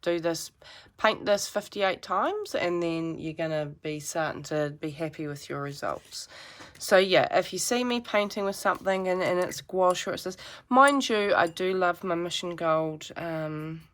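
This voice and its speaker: A woman's voice: lowish voice, animated, measured pace, fairly bright tone. A woman giving a chatty, rambling painting tutorial with self-deprecating asides. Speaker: art teacher.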